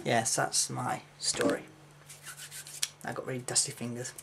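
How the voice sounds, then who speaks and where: A young man, casually telling a personal story in a rambling, excitable way with many fillers. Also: medium pitch, unhurried, vocal fry, background noise. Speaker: vlogger.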